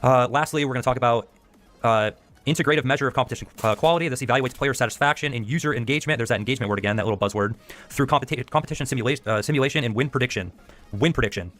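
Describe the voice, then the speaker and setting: A man's voice: medium pitch, racing, a bit bright. A man hosting a video essay, reading passages aloud and commenting on them, often tacking on "okay?". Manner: reads excerpts aloud and comments, tacks on "okay?". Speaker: host.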